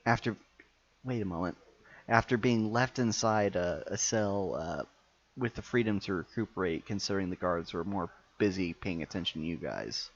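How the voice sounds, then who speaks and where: A man narrating a tabletop game as game master, halting and full of fillers. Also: deep voice, dull audio. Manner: hesitant, filler-heavy narration.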